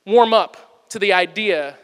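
A man preaching a sermon as pastor, telling stories with lively swings between loud bursts and hushed, intimate lines. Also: high voice, measured pace, smooth, in a large hall.

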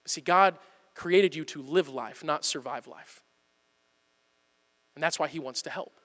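A man's voice: on the high side, a little slow, a bit bright, big-room sound. A male pastor giving a sermon in an earnest, conversational way with emphatic repetition.

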